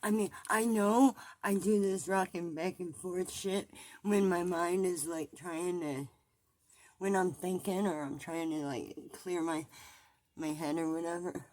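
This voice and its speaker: A distressed woman vlogger records a confessional video. She speaks slowly in a lowish voice and stops and restarts often. She repeats phrases and lets sentences trail off. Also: a little mellow. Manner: halting, repeats herself, trails off. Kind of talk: confessional vlog.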